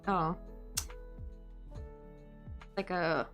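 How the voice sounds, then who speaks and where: A woman's voice: lowish voice, steady tone, very slow, fairly bright tone, soft background music. A woman in her late twenties chatting casually on a crochet live stream. She rambles and thinks aloud, full of fillers and little chuckles, at home. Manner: chuckles often. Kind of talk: casual chat.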